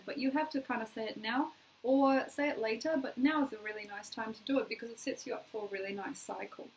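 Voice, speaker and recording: A woman's voice: a little high, low-quality recording. An Australian woman giving a casual, chatty astrology forecast, playfully acting out little quoted requests.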